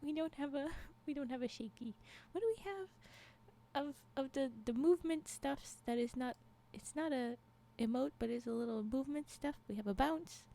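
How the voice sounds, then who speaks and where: A woman's voice: high voice, normal speed, gravelly, mellow. A woman streamer chatting casually and reading a story aloud, giggling often and breaking into exclamations. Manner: giggly, exclamatory reactions to chat.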